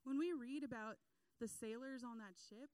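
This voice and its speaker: Young woman giving a chatty sermon, kinda high smooth voice, dry sound. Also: moderate pace, no room sound, low-quality recording. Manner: animated storytelling with acted quotes and laughs. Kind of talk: casual sermon.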